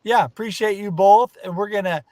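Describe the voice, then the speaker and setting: A man's voice: high-pitched, brisk, darkish tone, dry recording. A man co-hosting a live online talk show over a video call, upbeat and effusive as he thanks his guests. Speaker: co-host. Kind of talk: casual live show chat.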